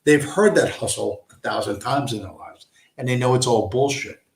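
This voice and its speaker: Man, mid pitch, blunt and profane, rants on a home stream with echoey room sound. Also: moderate pace, gravelly. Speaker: livestream host. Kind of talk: ranting monologue on a chill stream. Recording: roomy echo.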